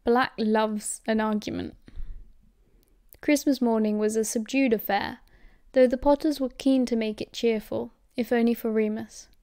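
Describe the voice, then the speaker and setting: A woman with a British accent narrating an audiobook in a steady, measured way. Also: a little high, no room sound, studio quality. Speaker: audiobook reader.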